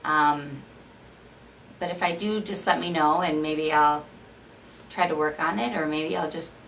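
Low-voiced woman vlogger with a Minnesota accent, rambling casual chat, faint background hiss. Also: unhurried, gravelly, a bit bright, recorded from a distance, rough recording. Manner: chatty, rambling, many fillers. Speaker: beauty vlogger.

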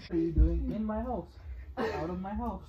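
A woman playing a grumpy cousin who guards his house, scolding intruders in a flat, repetitive way. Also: medium pitch, fairly quick, roomy sound, distant mic, highs cut off, noisy background, natural voice.

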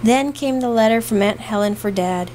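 A woman narrating a classic novel aloud in a measured, expressive reading. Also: on the high side, a little hiss or hum, poor audio. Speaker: audiobook narrator. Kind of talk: scripted narration.

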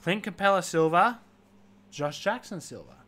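A man's voice: sits high, normal speed, a bit bright. A man hosting a live card-breaking stream, listing player names one after another and dropping joking asides.

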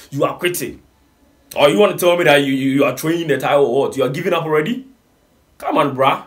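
A man with a Ghanaian accent mixing Pidgin, hosting a casual entertainment reaction video, reading out comments and pleading with lively swings in his voice. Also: a little high, brisk. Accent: Ghanaian English with Pidgin. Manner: animated, reads comments aloud, pleading.

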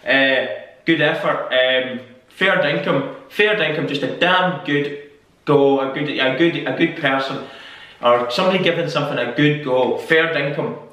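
A man's voice: on the high side, unhurried, sharp tone, far from the mic. A Scottish man talks casually to camera, musing aloud and circling back over the same words while he thinks. He swears offhandedly now and then. He sounds a little way from the mic in a very echoey room. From Scotland. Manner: rambling, repeats phrases while musing aloud. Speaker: YouTube host. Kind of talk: casual solo vlog.

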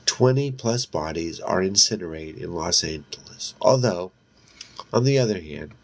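A man reading a novel aloud as narrator, in a measured, steady way with occasional slips. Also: low voice. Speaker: audiobook narrator.

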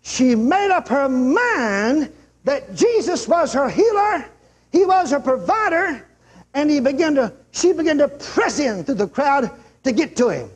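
An older man preaching a revival sermon to a large church crowd, telling stories emphatically and shouting out the lines he quotes. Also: very high-pitched, very animated, measured pace. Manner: emphatic, shouts out quotes, acts out a healed man's yells.

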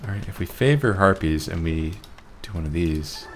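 Deep-voiced man muttering over gameplay. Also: expressive, normal speed, a little hiss or hum. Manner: muttering to himself, wry and self-mocking. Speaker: gameplay commentator. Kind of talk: casual let's-play commentary.

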